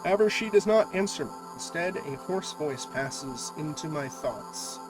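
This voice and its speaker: A man's voice: fairly high pitch, lively intonation, unhurried, low-quality recording. Man reading a game aloud over music. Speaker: streamer. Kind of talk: reading a visual novel aloud on a livestream. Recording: music playing clearly behind.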